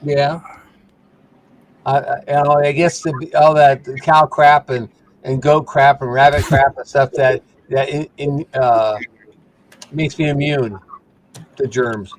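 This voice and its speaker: A man's voice: mid-range voice, steady tone, slow, long pauses, slight background noise, low-quality recording. A man joining a casual live-stream panel, folksy and joking.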